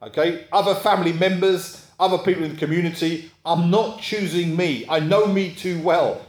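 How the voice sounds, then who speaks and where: A man's voice: high-pitched, moderate pace, few pauses. A man preaching a sermon, talking in a conversational way and often checking in with his listeners. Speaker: pastor. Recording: echoey room.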